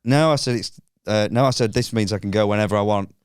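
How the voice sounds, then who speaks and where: A man with a Northern English accent, a podcast guest telling a comedic anecdote in an animated, indignant and sweary way, acting out both sides of the exchange. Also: fairly low pitch, fast, clean tone, no echo, clean studio sound. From northern England.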